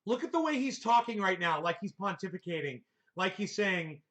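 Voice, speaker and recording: A man's voice: high-pitched, animated, moderate pace, hardly any pauses, fairly bright tone. A man hosting a reaction show, ranting angrily and swearing at the clips he plays. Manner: angry, profane, mocking. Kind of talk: ranting commentary over clips.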